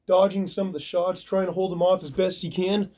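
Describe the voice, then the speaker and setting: Brief: male vlogger telling a story, lively and casual, acting out the fight with sound effects. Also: high voice, fairly quick. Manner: animated, acts out punches with sound effects. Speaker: video reviewer.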